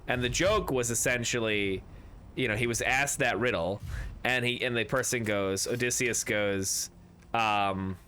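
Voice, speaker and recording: A man with a bright, forceful voice talks to his stream audience as he plays, rambling from joke to joke. A faint hum of game ambience sits behind his desk mic. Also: mid-range voice, measured pace. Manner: rambling, jokey, reads chat aloud. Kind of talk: casual game stream chat.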